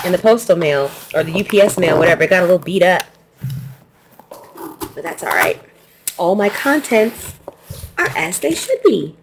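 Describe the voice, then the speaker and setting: A woman's voice: mid-range voice, darkish tone, a little hiss or hum. A woman hosting her quilting channel, chatting casually through an unboxing, laughing easily and restarting her sentences.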